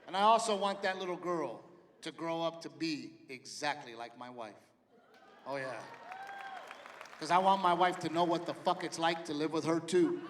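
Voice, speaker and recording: A middle-aged man doing a stand-up comedy routine, animated storytelling that acts out his family members. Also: a little high, normal speed, a faint crowd. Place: large theater with live audience. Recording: live venue reverb, audience noise.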